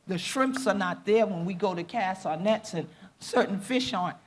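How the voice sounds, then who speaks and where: Speaking at normal speed in a mid-range voice, with slight background noise, this panelist delivers a fervent, emphatic conference speech. Raised on the Gullah Geechee coast of the southeastern United States with Gullah as a first language, they blend Gullah creole and English in a Gullah Geechee accent.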